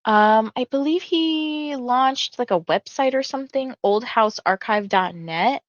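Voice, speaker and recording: A woman's voice: fairly high pitch, measured pace, no room sound, highs cut off. A woman in her thirties hosting a casual livestream, chatting in a rambling way and reading viewer comments aloud. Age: 30s. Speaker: livestream host.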